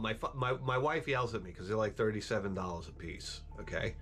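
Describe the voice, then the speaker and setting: Middle-aged guy rambling while he games, low voice, cussing and cracking jokes. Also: very animated, a little fast, hardly any pauses, a little hiss or hum. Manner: rambling, profane, wisecracking. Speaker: gameplay streamer. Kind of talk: casual chat while gaming.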